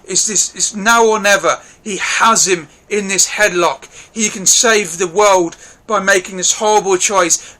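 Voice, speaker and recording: A man giving a casual, gushing film review, excitable and swearing often. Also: high-pitched.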